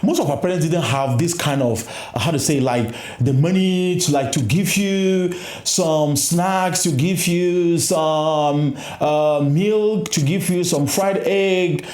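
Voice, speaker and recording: A man telling a story on his own channel with a lively voice that keeps breaking into laughter. His voice sits a bit high for a man and swings widely up and down. The room around him sounds echoey. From grew up in a village, West Africa. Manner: laughs often, excited and animated. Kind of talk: casual storytelling vlog.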